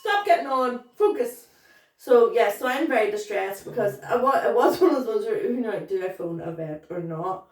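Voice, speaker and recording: A woman's voice: on the high side, expressive, normal speed. A woman, co-hosting a tipsy casual chat, giggly and rambling, swearing as she tells stories. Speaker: podcast co-host. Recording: echoey room, distant mic.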